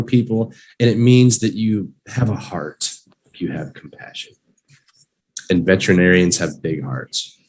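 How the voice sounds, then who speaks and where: A man teaching English vocabulary in a live online lesson, drilling each word slowly and cheering learners on playfully. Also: on the low side, husky, poor audio.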